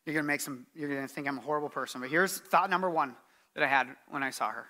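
Bright, high-voiced male pastor preaching. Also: fast talker. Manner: earnest, emphatic, repeats key phrases. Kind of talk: sermon.

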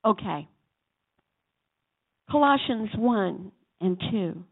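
A woman preacher delivering a sermon in a church chapel, swinging between loud exhortation and soft asides and calling on the congregation to answer. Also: fairly high pitch, sing-song, slow pace, vocal fry, long pauses, breathy edge. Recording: tinny phone-like sound.

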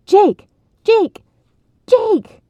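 A woman voicing an excitable, dramatic young boy in a storybook reading, with emphatic, breathless exclamations. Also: very high-pitched, very slow, no room sound, pitched above the performer's own voice, heavily acted. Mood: excited. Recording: tinny phone-like sound, dry.

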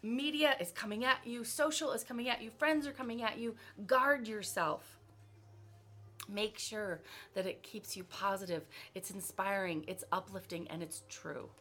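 A middle-aged woman leads her team in a motivational talk with a bright, ringing voice. She tells her stories in an animated way, filling them with "like" and "right?" and breaking into laughter often. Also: mid-range voice, moderate pace. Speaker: leadership coach speaking to her team.

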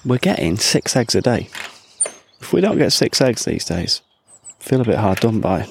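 Deep-voiced man rambling outdoors. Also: very animated, normal speed, gravelly, slight background noise. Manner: rambling, self-deprecating asides. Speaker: podcast host. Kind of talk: casual outdoor monologue. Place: outdoors at an allotment.

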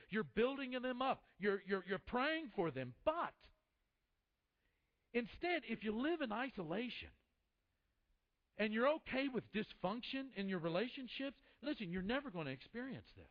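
A man in his fifties preaching a sermon, impassioned, swinging from loud peaks down to a hush. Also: high voice, muffled recording. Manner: impassioned, rising then dropping to a hush. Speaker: pastor.

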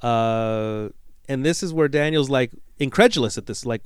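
A man co-hosting a podcast, recapping film scenes in an animated storytelling way and laughing at himself. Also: medium pitch, a little slow, smooth, dry recording, studio quality. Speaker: podcast co-host. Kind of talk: casual podcast movie breakdown.

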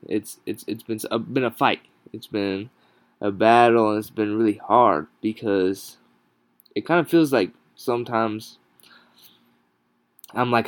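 A worn-out man talks through his podcast from home, his low voice halting and full of pauses and restarts. He sounds sleep-deprived and yawns often. The sound is dry and close, captured without a proper microphone. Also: no room sound. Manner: halting, many ums and restarts, tired and yawning. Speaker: podcast host. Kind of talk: casual solo podcast talk. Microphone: no proper microphone, home recording.

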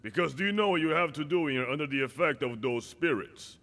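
A male preacher from the Dominican Republic giving an animated sermon, acting out scenes and shouting at the peaks. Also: a little high, fast, long reverb tail.

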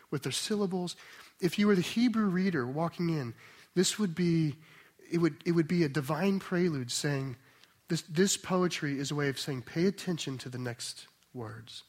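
A man preaching a conversational teaching sermon, emphatic and often checking in with the listeners. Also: on the high side. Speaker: pastor.

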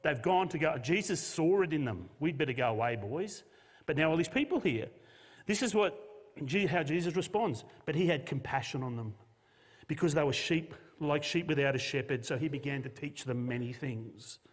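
A man's voice: a little high, expressive, moderate pace. A man, a pastor preaching a sermon and telling a Bible story with jokey modern asides. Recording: long hall reverb.

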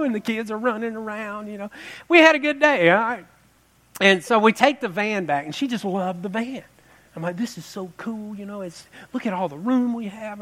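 A man's voice: sits high, a bit bright. A middle-aged man telling a rambling, joking personal story, full of asides, restarts and self-deprecating humor. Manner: folksy humor. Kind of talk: casual storytelling.

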